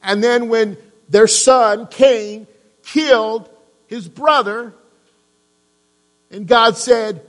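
A man preaching a sermon to his congregation, lively, asking them questions and joking. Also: extremely high pitch, very slow, pauses often, big-room sound. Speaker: pastor. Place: church.

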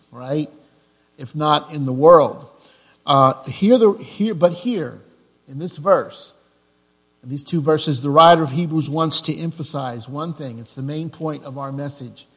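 A man preaching a sermon as pastor, repeating key phrases with slow, deliberate emphasis. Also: on the high side, big-room sound.

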